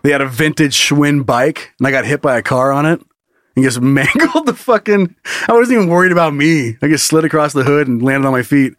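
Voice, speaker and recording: A man co-hosts a comedy podcast, telling stories in quick bursts through loose, profane chat and laughing often. His voice is fairly high and a bit bright, with clean studio sound and no echo.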